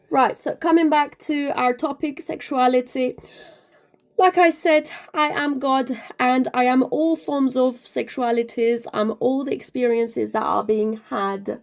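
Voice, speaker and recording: A woman with a fairly high voice speaks straight into her camera in a casual monologue. She is emphatic and preachy, leaning on "okay?" and "darling". She sounds a little out of breath. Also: steady tone, measured pace, creaky. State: slightly out of breath. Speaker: spiritual video creator.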